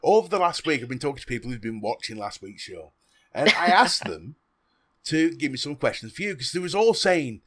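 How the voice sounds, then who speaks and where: A man's voice: medium pitch, sing-song, a little fast, a bit bright. A man hosting a casual podcast, joking and teasing his co-host.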